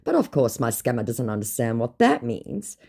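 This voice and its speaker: A woman's voice: very deep voice, wildly swooping pitch, moderate pace, gravelly, a little mellow, husky. An Australian woman narrating her scam-baiting chats in a dry, sarcastic storytelling tone.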